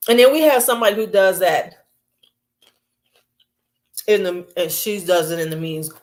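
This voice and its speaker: A woman venting to her camera in a loose, late-night home chat, cracking herself up along the way. She is blunt and conversational and slips into quick impressions of the people she complains about. Her voice sits at a middle pitch and comes through a simple camera mic. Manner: chatty, blunt, laughs often, mimics coworkers. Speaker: vlogger.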